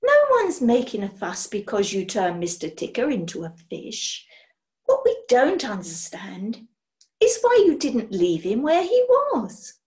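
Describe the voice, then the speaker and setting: A woman's voice: a little high, huge pitch swings, a little slow, darkish tone. A woman voicing a leering, flirtatious, theatrical lady in a storybook reading. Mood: pointed.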